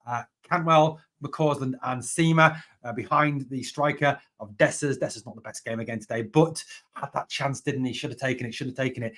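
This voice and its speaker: A man's voice: mid-range voice, a little fast, fairly bright tone. A man hosting a fan channel, giving a passionate solo reaction to a football match, repeating points for emphasis.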